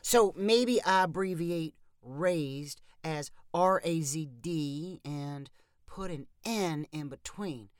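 A man's voice: on the high side, slow pace, clean tone, dry recording, studio quality. A woman voicing an eager young man who loves Texas, chatty and enthusiastic in a storybook reading.

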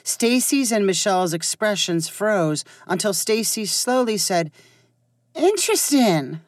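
A woman narrating a story aloud in an expressive reading voice. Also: medium pitch, a little slow, no room sound, clean studio sound.

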